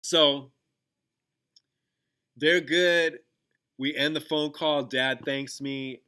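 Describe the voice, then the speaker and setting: A man whose voice sits a little high speaks very slowly, with fairly even intonation and a bright, forceful, clean tone. As a teacher and podcast host, he guides a gratitude exercise in casual, filler-laden talk with restarts, retelling a classroom story along the way.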